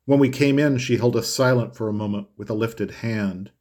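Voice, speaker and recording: A man narrating a classic novel in a measured, expressive way. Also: lowish voice. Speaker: audiobook narrator. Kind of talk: scripted literary narration.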